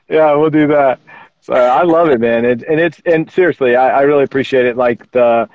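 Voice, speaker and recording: A man's voice: medium pitch, normal speed, no room sound. A man, a guest voice actor, chatting casually and earnestly on a video call, often restarting his sentences. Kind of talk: casual podcast chat. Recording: tinny dry call audio.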